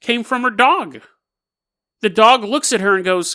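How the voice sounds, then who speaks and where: A podcast host telling an odd story in a loose, animated way and laughing between lines. His voice sits high for a man and leaps around in pitch. The tone is bright and forward. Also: unhurried. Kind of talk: casual storytelling.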